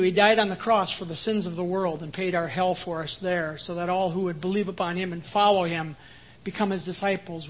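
A man preaching an earnest sermon, who later leads a quiet prayer. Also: high voice, low-quality recording. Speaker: pastor.

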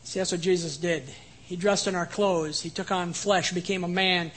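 A man preaching an earnest sermon, who later leads a quiet prayer. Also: high voice, steady tone, normal speed, poor audio. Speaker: pastor.

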